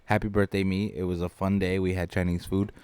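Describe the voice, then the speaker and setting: A man with a low voice co-hosts a casual beer-tasting podcast. He is chatty, swears freely and laughs easily. The sound is dry and close to the mic. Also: flat delivery, fairly quick, a little mellow, clear, resonant tone, no echo. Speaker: podcast co-host, producer.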